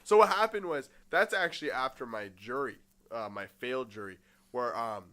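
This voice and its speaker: Bright-voiced young man telling a story. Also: mid-range voice, moderate pace. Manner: rambling, swears, quotes people in put-on voices. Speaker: podcast guest. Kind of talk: casual storytelling chat.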